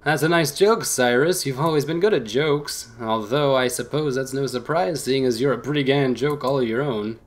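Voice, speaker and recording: A man voicing a flippant, showy male gentleman in a visual novel game, speaking in a teasing, grandly formal way. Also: mid-range voice, normal speed, few pauses, close to an everyday voice. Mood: mocking.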